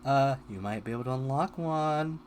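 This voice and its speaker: A man chatting casually as a guest on a live stream, animated and laughing, his voice a little strained. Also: mid-range voice, moderate pace, a little hiss or hum.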